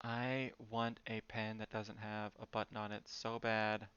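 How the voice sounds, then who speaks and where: Male streamer, smooth voice, rambling filler-heavy chatter, slightly dull mic. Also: on the low side, completely flat delivery, unhurried, a bit bright, no room sound. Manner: chatty, lots of "like" fillers, muttered asides. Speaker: streamer drawing live. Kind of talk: casual rambling stream chat.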